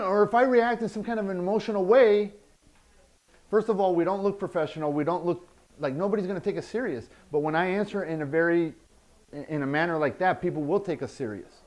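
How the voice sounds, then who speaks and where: A man's voice: high voice, fairly quick, darkish tone. A man teaching a workshop, blunt and emphatic, repeating his key points. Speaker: workshop instructor.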